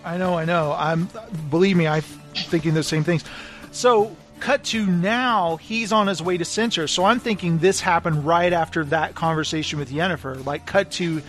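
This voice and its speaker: A man with a notably high voice retells a story to his co-host, slipping into the characters' lines as he goes. The talk is casual and lively. Faint music plays underneath. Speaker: podcast co-host. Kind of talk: casual book discussion.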